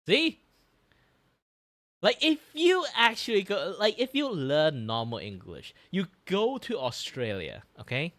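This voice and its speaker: A streamer reacting to a video in casual chat, rambling and leaning on filler words. The voice swings through a lively pitch at mid height. It is recorded dry and close. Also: no echo. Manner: rambling, heavy use of "like" fillers.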